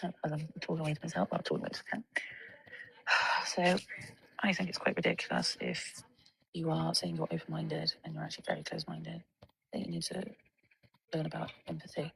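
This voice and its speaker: A woman's voice: low-pitched, expressive, a little fast, vocal fry, long pauses, fairly bright tone, slightly rough, dry recording, low-quality recording. A young woman in a casual monologue, ranting with lots of swearing and filler words. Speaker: vlogger.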